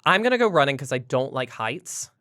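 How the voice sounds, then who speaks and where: A woman's voice: a bass voice, big pitch swings, a little fast, fairly bright tone. A woman hosting a podcast in casual chat, teasing and quizzing her guest playfully. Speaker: podcast host.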